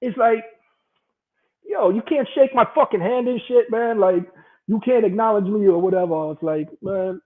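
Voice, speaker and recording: A man's voice: high voice, moderate pace. A man casually telling a profane, rambling story with a lot of laughing. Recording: tinny phone-like line.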